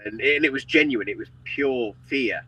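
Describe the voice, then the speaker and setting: A man's voice: medium pitch, normal speed, sharp tone, husky, rough recording. A man, a paranormal investigator, speaking earnestly in short, plain sentences on a live chat. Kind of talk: casual chat.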